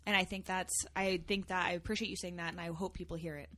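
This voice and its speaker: A woman hosts an interview, talking quickly. Her voice is bright, and she sounds enthusiastic and affirming toward her guests. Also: on the low side, fairly even intonation. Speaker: host. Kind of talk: interview host chat.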